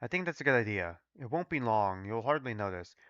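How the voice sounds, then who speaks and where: A man reading aloud as a calm, kindly older male lab supervisor, in a quiet, measured way, on a dull, dry recording. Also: medium pitch, no room sound, pitched below the performer's own voice, close to an everyday voice. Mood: reassuring.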